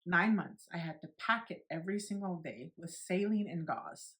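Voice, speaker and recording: Speaking at a moderate pace, this woman has a lowish, expressive voice with a slightly bright quality. She's a beauty vlogger in her forties recounting something from her own life with blunt candor, cursing liberally and performing other people's lines.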